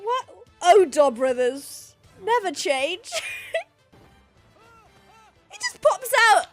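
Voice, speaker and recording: A woman's voice: very high voice, big pitch swings, takes it slowly, pauses often, faint music behind. A woman hosting a reaction video, exclaiming, gasping and laughing as she watches. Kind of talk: excited reaction commentary.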